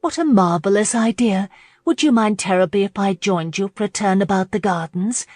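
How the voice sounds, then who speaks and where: A woman's voice: medium pitch, moderate pace, darkish tone, no room sound, studio quality, pitched above the performer's own voice, natural voice. A woman voicing a shy, sweet young bride-to-be in a storybook reading. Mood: eager.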